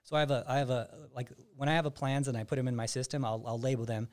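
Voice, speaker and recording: A man's voice: medium pitch, level tone, fast talker, a little mellow. A man, a physique coach and podcast host, explaining his methods in casual chat and often restarting sentences. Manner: explains at length with frequent restarts.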